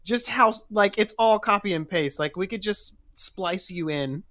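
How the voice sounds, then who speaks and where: A man's voice: sits high, animated, unhurried, fairly bright tone. A man co-hosting a casual podcast, rambling with many "like" fillers and laughing a lot. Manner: rambling, lots of "like" fillers, giggly. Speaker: podcast co-host.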